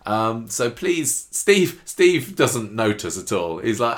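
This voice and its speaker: A man co-hosting a podcast, chatting casually and retelling soap scenes with quick impressions of the characters. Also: medium pitch, big pitch swings. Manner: chatty, jokey, recounts scenes in quoted voices. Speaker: podcast co-host. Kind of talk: casual chat recapping a soap.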